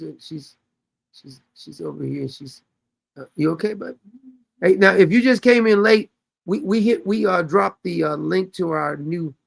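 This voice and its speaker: A man's voice: on the high side, creaky, breathy edge, dry recording. A man hosting a casual livestream chat, rambling loosely and laughing often. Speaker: show host.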